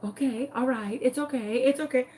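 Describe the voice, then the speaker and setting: A woman voicing a gentle, empathetic female friend who speaks soothingly and hesitantly. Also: a little high, normal speed, natural voice.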